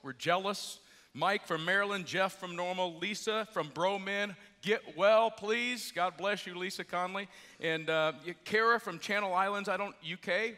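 A man's voice: high voice, moderate pace, bright, forceful tone. A middle-aged man preaching a sermon as pastor, joking and conversational, a little jet lagged. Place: large church with balcony. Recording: long church hall reverb.

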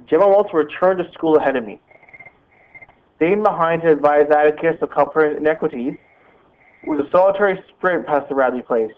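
A man's voice: fairly high pitch, brisk. Man reading aloud, tinny phone-like audio. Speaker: teacher.

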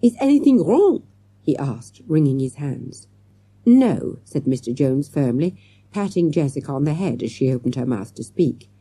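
A woman narrating a children's storybook audiobook in an expressive way. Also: rumbling low, normal speed, husky, dry recording.

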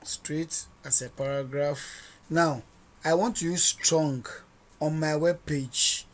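Coding tutor, measured slow delivery, narrates each edit aloud, quizzes listeners with rhetorical questions. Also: mid-range voice. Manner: narrates each editing step as they go. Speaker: coding instructor. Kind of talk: screen-recorded coding tutorial.

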